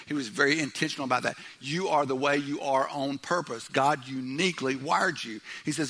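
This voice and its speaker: A middle-aged man preaching a sermon in church, loud, animated and joking. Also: mid-range voice, a little fast, hardly any pauses. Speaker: pastor.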